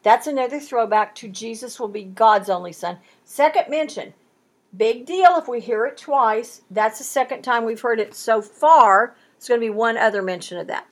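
A woman teaching verse by verse through a Bible passage, emphatic and animated, acting out quoted lines. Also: on the high side, moderate pace.

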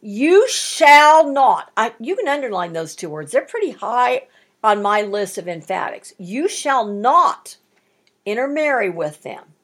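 A woman teaching a Bible study, reading scripture aloud and commenting on it with strong emphasis. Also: high voice.

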